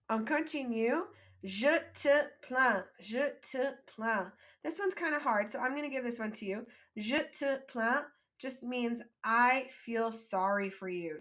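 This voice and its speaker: A woman with a somewhat high, slightly bright voice prompts learners through French vocabulary. She pronounces each phrase slowly for them to repeat, gives a fast English explanation, and encourages them with praise.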